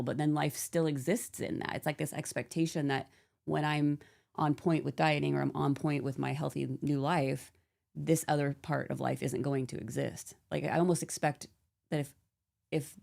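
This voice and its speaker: A woman's voice: low voice, gravelly, a little mellow. A woman in a casual podcast chat, rambling and thinking aloud, filling her talk with "like".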